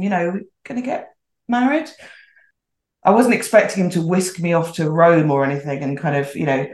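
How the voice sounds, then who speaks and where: A middle-aged woman telling a story casually as a podcast guest, chatty and acting out the voices she quotes. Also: sits low. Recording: roomy echoey sound.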